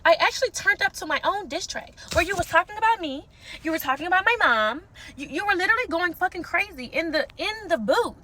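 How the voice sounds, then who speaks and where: A woman's voice: extremely high pitch, animated, fast, bright, forceful tone, a little hiss or hum. A woman heatedly calling someone out to camera, sassy and cursing, mocking him as she goes. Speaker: social media creator in a feud.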